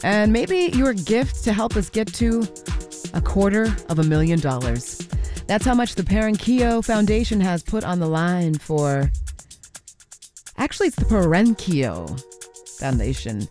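A woman's voice: mid-range voice, animated, unhurried, a little mellow. A woman radio host chatting through a pledge drive and introducing music in a friendly, conversational way. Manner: friendly, self-correcting, conversational. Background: faint music.

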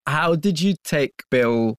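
A man's voice: a little high, animated, slow, no room sound, clean studio sound. A man interviewing a guest, following up with probing questions in a conversational way.

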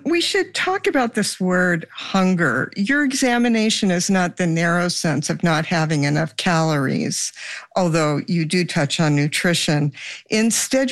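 A woman hosting an interview, asking measured, probing questions. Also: on the low side, no echo. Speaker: interviewer host.

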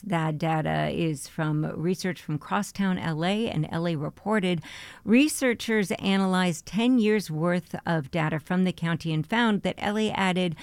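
A woman anchoring a local radio newscast from the studio, reading the news in a measured, even way. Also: lowish voice, dry recording. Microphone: close studio mic.

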